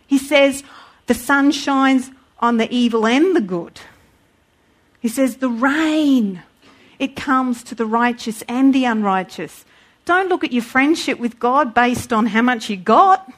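Animated high-voiced woman preaching. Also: a little slow. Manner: animated, acts out voices in quotes. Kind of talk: sermon.

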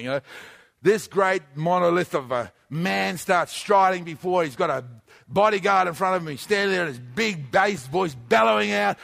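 A male preacher delivering an emphatic sermon, repeating phrases and often shouting. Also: high voice, animated, brisk, gravelly.

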